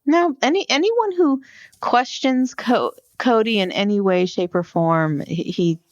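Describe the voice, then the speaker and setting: Lively woman co-host, muffled sound. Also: fairly high pitch, a little slow, dry recording. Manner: reactive, agreeing listener with opinions. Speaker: podcast co-host. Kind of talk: casual chat.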